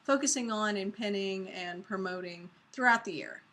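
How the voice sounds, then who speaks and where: A woman co-hosts a casual live web chat at a middle pitch. She explains things in a loose, easygoing way and comes across as relaxed and chatty. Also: normal speed. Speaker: co-host.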